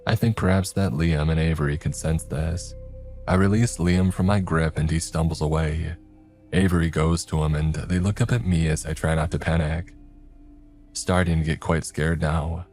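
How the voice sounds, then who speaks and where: Deep-voiced man narrating a horror story. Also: normal speed, soft background music. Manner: steady, grave storytelling with stern acted dialogue. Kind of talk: scripted first-person horror narration.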